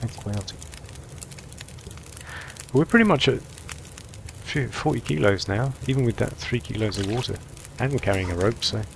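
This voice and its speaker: A man giving relaxed let's-play commentary, thinking aloud as he sorts through supplies and plans his next move. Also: mid-range voice, normal speed, vocal fry, pauses often, slight background noise. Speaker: gameplay commentator.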